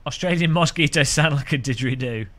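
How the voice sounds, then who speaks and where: On a sim racing live stream, a British man chats casually from a room at home, rambling between topics, joking and chuckling often. His voice is on the high side, fast and fairly bright.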